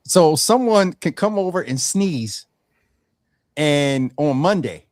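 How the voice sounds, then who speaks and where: A man hosting a casual health talk show, animated and folksy, often stumbling over restarts. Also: fairly high pitch, slow pace, dry recording, studio quality. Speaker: host.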